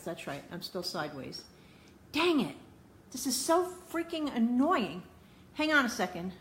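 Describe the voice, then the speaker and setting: A woman's voice: on the high side, very animated, unhurried, slight background noise. Flustered woman fixing her live stream. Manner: flustered, muttering to herself while fixing camera. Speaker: cooking show host. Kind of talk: live stream, talking to viewers. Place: home kitchen, indoors. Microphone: phone or tablet camera mic.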